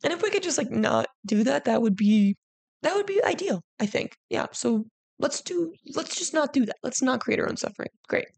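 A fairly high-voiced woman talking through a solo podcast in a loose, rambling way, peppering everything with "like." Her voice has a lot of vocal fry, and the sound is close and dry with no room around it. She speaks frankly and with open feeling, swearing now and then. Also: sing-song, moderate pace, darkish tone, no echo. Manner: chatty, heavy use of "like", frank with swearing; emotional, heartfelt reflection. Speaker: podcast host. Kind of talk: casual solo podcast monologue.

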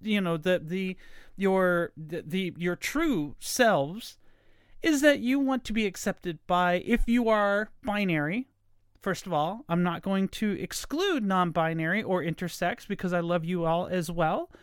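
Smooth-voiced woman hosting a podcast. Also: on the low side, a little slow, no room sound, clean studio sound. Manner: chatty, meandering, friendly. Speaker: podcast host. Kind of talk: casual solo podcast monologue. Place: at home late at night.

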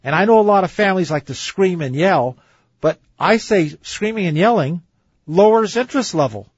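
A husky-voiced man with a slightly raised pitch, hosting a dating advice talk show. He reads passages aloud and then argues against them firmly. His voice is close and dry on a dull, lo-fi recording. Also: expressive, moderate pace, no room sound. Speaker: dating advice radio host. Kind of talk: radio talk show commentary.

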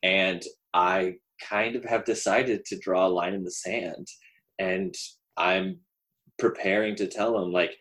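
A man from the American South with a nasal voice guests on a podcast and talks in a chatty, rambling, enthusiastic way. His pitch sits on the low side. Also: fairly even intonation, slow pace, a bit bright. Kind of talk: casual podcast conversation.

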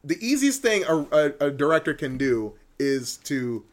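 A man co-hosting a casual review chat, animated, swearing casually and laughing often. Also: fairly high pitch, normal speed. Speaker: co-host reviewing a film.

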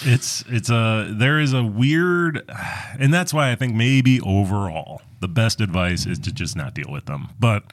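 A man's voice: fairly low pitch, lively intonation, a little slow, a little hiss or hum. A man co-hosting a casual chat about his parts manager job, laid back and hesitant.

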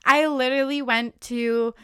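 A woman's voice: high-pitched, steady tone, normal speed, fairly bright tone, smooth, no room sound, clean studio sound. A young adult woman hosting a podcast in casual chat, laughing often and swearing freely. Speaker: podcast host.

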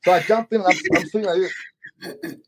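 A man telling a personal story in an animated way, often saying "you know". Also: high-pitched, brisk, breathy edge. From Australia. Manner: animated, acts out quoted voices, many "you know"s.

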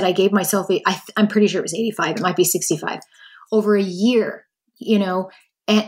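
Woman podcast host, solo casual talk, candid and animated, mid-range voice. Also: medium pitch. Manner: candid, animated, acts out quoted inner voices.

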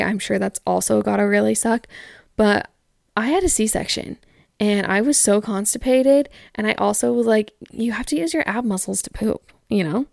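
A young woman in her twenties talks candidly in a casual chat, peppering her speech with "like" and quick asides. Her mid-pitched voice carries a gravelly fry. She is recorded on a close mic in a dry space. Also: dry recording. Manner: chatty, frequent "like" fillers, candid. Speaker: podcast host. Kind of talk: casual chat reading listener stories.

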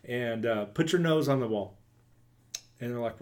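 A man's voice: medium pitch, normal speed, darkish tone. A man in his thirties, a pastor co-hosting a podcast, chatting casually with dry teasing humor. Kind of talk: casual chat.

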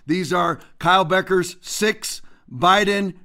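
A man with a high, bright, forceful voice hosts a commentary show. He rants and preaches in an emphatic way, quoting scripture as he goes. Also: takes it slowly. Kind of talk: political commentary with scripture quotes.

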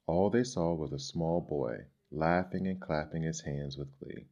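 A man reading children's stories aloud in a gentle, measured, expressive way. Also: rumbling low. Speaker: storyteller. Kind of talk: storybook reading. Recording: dull lo-fi recording.

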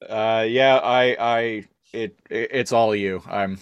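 A man's voice: on the low side, steady tone, takes it slowly, smooth, no echo, lo-fi sound. A man chatting casually as a podcast co-host, hesitant and full of fillers and restarts. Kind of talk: casual chat.

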